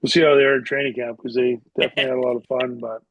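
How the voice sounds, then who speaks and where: A man's voice: medium pitch, flat delivery, racing, a bit bright, no room sound. A middle-aged man tells casual stories as a podcast guest. He rambles freely and leans on filler words. The recording sounds dull and lo-fi in a dry, close space. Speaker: podcast guest, former hockey player. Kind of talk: casual storytelling.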